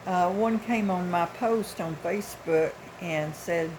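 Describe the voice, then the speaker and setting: A woman's voice: fairly low pitch, takes it slowly, noisy background. A woman in her sixties from the United States, telling a story in a casual, blunt, folksy way with occasional chuckles. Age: 60s. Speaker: vlogger.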